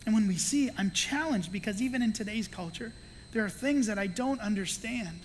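Speaking briskly in a mid-range voice, a pastor preaches in a large church sanctuary, with a slight hiss or hum on the recording. This adult with children brings his sermon stories to life by performing the people's voices, and he slips in playful asides.

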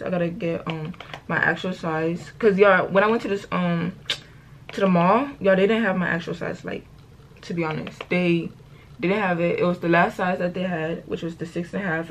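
A woman's voice: fairly low pitch, slight background noise. A teenage girl chatting in a get-ready-with-me vlog at home, rambling through a story in slangy talk, correcting herself and calling out to her viewers often. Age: late teens. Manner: chatty, rambling storytelling, keeps saying y'all. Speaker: vlogger.

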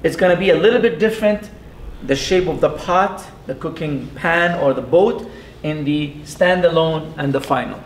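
High-voiced man teaching in an echoey hall. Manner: patient, repeats sounds slowly, asks the class questions. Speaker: Arabic teacher. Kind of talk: classroom lesson. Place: mosque classroom. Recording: echoey room with faint rumble.

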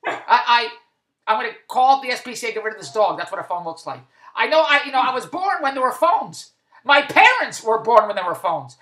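A fairly high, somewhat bright female voice carries this exasperated comedic monologue. She stammers, starts over, and poses the same questions repeatedly, and the room around her echoes.

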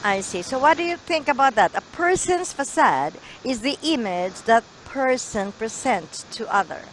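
A woman's voice: fairly high pitch, animated, moderate pace, a little hiss or hum, rough recording. A woman teaching an English lesson over a video call, encouraging and correcting pronunciation.

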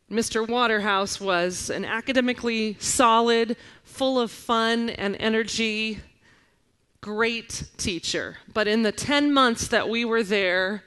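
Woman in her forties giving an animated sermon. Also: mid-range voice, clear, resonant tone. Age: 40s. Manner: animated storytelling, reading scripture aloud. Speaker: guest preacher.

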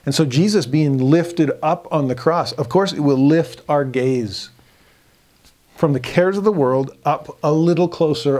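With a mid-range voice, a man leads a verse-by-verse scripture study. His manner is reflective and earnest, and he drops to a soft emphasis on key points.

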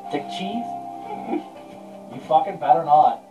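Profane gamer with lively pitch. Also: male voice, takes it slowly, phone-quality sound, music in the background. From Canada. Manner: profane, joking, bossy. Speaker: Let's Play gamer. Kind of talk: casual gaming banter.

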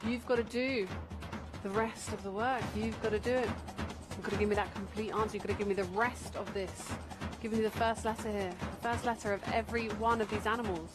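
A woman presenting a phone-in quiz show on TV, chatty, teasing and quick to giggle, talking straight to the viewers at home. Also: mid-range voice. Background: background music.

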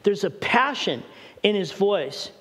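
A man's voice: high voice, big pitch swings, takes it slowly, fairly bright tone. A middle-aged man preaching a sermon as pastor, urgent and questioning the congregation directly. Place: church hall. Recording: long church hall reverb.

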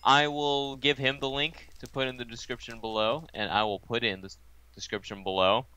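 Bright, clear-voiced teen boy gamer. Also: medium pitch, little pitch movement, normal speed. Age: teens. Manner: playful, joking. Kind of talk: casual gameplay chat.

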